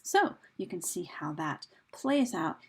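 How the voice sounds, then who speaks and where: A woman's voice: lowish voice, sing-song, slow, creaky, slightly rough. A woman teacher talking through a recorded lesson over slides, chatty, with fillers and questions put to her students. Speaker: English teacher.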